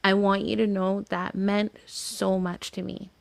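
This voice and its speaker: A woman's voice: mid-range voice, level tone, measured pace, gravelly, dry recording. A woman hosting a video-call interview, emotional and effusive, laughing often. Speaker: host. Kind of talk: casual video-call chat.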